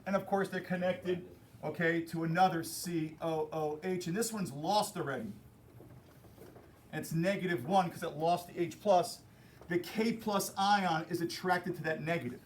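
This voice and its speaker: High-voiced, playful male teacher in class. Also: normal speed, a little hiss or hum. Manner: playful, joking with students. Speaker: chemistry teacher. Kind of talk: classroom lecture.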